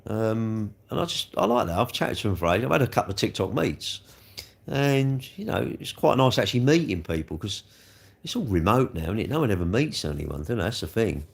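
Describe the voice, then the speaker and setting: Gravelly and husky, this livestreamer's lowish voice swings widely in pitch as he talks a little fast. He rambles casually through chat comments and tells off trolls more and more angrily.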